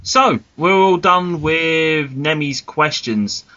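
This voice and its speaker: A man's voice: fairly high pitch, takes it slowly, sharp tone. A man hosting a casual podcast, teasing his co-hosts and reading out listener questions in a joking way. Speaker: podcast host. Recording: muffled lo-fi audio.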